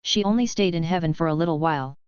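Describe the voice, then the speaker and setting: A woman voicing a sardonic, weary male fallen angel leader in a dry, deadpan way. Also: low-pitched, fast, clear, resonant tone, no room sound, natural voice. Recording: dull lo-fi audio.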